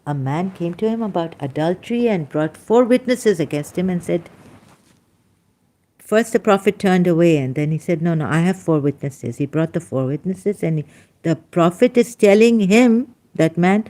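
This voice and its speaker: A woman's voice: fairly low pitch, moderate pace. A middle-aged woman hosting a livestream, talking casually to her chat in an emphatic way with many fillers. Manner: animated, emphatic, frequent fillers. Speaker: livestream host reading chat.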